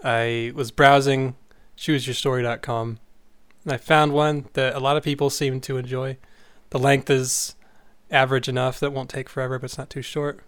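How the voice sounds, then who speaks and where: A man's voice: medium pitch, little pitch movement, normal speed, fairly bright tone, clean tone, dry recording. Giggly male podcast host. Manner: giggly, easily amused. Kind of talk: casual chat and reading a story aloud.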